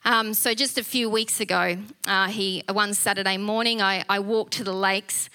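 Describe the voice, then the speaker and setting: A middle-aged woman casually telling a personal story, animated, with frequent laughs and fillers. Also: mid-range voice, moderate pace. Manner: animated, laughs often, many fillers and restarts.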